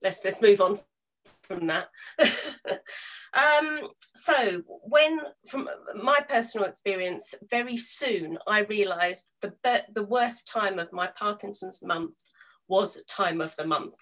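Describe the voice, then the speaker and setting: A woman's voice: mid-range voice, animated, fairly bright tone. Chatty British woman moderating a panel. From United Kingdom. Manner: chatty, teasing, quick asides. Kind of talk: casual panel chat.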